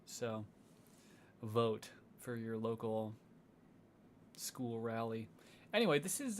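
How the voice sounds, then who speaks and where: A man's voice: medium pitch, unhurried, long pauses, a little hiss or hum. A young man chatting casually on a livestream as a music streamer, sardonic and rambling, swearing freely.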